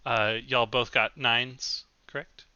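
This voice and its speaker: A man running a tabletop game as game master, relaxed and chatty, laughing easily between fillers. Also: mid-range voice, slow pace, smooth, no room sound, highs cut off.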